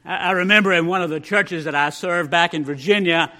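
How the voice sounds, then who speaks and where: A male pastor preaching a sermon, telling folksy humorous stories and dropping to a hush for the punchlines. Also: on the high side, a little fast.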